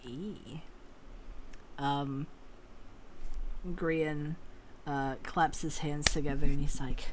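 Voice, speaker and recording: A woman with a low voice runs a tabletop game over a home mic. She narrates casually and swears freely. A faint hiss lies under her voice. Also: steady tone, extremely slow, long pauses. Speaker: game master.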